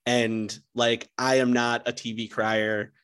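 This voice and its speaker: A man chatting as a guest on a podcast. He rambles and restarts his sentences, piling up fillers as he goes. His voice sits at an ordinary pitch. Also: flat delivery, slow, a bit bright, clear, resonant tone. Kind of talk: casual chat.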